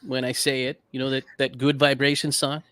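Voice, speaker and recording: A man's voice: medium pitch, completely flat delivery, brisk, a bit bright, clean tone, no room sound. A man co-hosting a comedic history podcast, telling the story in a laid-back, self-deprecating way. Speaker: podcast co-host. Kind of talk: casual comedic history chat.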